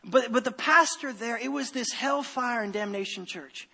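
High-voiced preacher man in an echoey hall. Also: moderate pace, vocal fry, husky. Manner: animated, repeats phrases, self-interrupting restarts. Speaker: pastor. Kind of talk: sermon.

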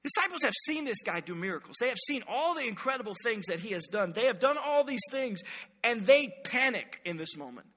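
A man preaching a sermon as a pastor, telling stories with animated energy and acting out the voices he quotes. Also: very high-pitched, fairly quick, long reverb tail.

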